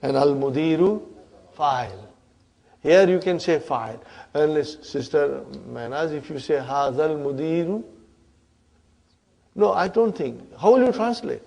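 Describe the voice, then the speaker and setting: A man's voice: fairly high pitch, measured pace, creaky, pauses often, mellow, dull audio. A man teaching Arabic grammar to a class in a lecture style, often checking in with his students.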